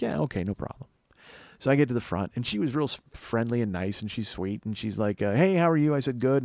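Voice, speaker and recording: With a darkish mid-range voice and no room sound, a podcast host in his 40s tells a rambling comic story at his own expense. He swears heavily, and when he acts out his panic his voice climbs.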